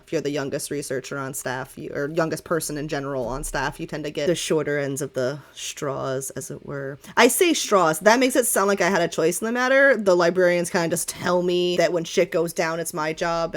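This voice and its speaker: Woman as a young researcher, breezy and wry, with a slightly low voice. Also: close to an everyday voice. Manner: breezy, sarcastic understatement. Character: young female library researcher, cheerfully wry.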